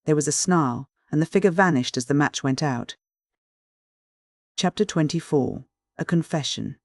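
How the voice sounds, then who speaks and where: An audiobook reader giving a steady, even narration of a classic mystery novel. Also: mid-range voice, no room sound, clean studio sound. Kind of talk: scripted narration.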